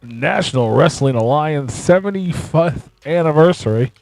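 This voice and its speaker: Gravelly, teasing man on a talk show. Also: on the high side, lively intonation, normal speed, a little mellow, faint music behind. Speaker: podcast co-host. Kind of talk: casual chat.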